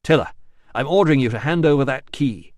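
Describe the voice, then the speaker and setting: A man's voice: medium pitch, animated, brisk, darkish tone, no echo, clean studio sound, lightly acted. A man voicing an army doctor who speaks with urgency and command. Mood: urgent.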